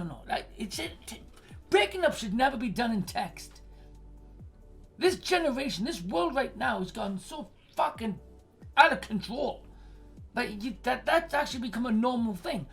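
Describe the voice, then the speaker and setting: Brief: woman, forties, mid-pitched, streamer advice host, blunt and profane, faint music behind. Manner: blunt, swears a lot, rants.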